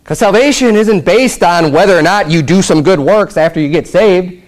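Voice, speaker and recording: A man's voice: sits high, normal speed. A man preaching a sermon as pastor, reading scripture aloud and explaining it in casual asides, pushing up to emphatic peaks with rhetorical questions.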